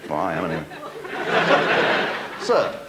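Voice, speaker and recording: A man's voice: deep voice, wildly swooping pitch, measured pace, over a noisy crowd. An older British man doing stand-up comedy with wry, punchline-driven timing, taking questions from a studio audience. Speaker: comedian host. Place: TV studio before a live audience. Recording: loud studio audience laughter, noisy old tape.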